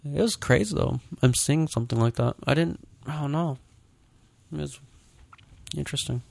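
Man, low gravelly voice, rambling casual anecdotes, dry close mic. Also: normal speed, darkish tone, no room sound. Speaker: podcast co-host. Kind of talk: casual chat, storytelling.

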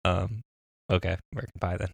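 An easygoing man co-hosting a podcast, often laughing and mulling over guesses out loud. His voice sits very low. The sound is close and dry. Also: fairly even intonation, fast, vocal fry, husky, no echo. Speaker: podcast co-host. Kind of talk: casual chat.

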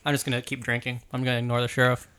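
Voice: medium pitch, monotone, racing, a bit bright. A tabletop player who talks in character and keeps cracking jokes. He is cocky and playful, with a mock-grand edge to his lines. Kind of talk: tabletop role-play, joking in character.

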